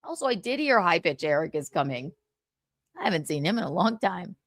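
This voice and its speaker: A woman's voice: fairly low pitch, sing-song, fairly quick, no room sound, studio quality. A woman hosting a gossip livestream, mocking and insulting with frequent laughs. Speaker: livestream host.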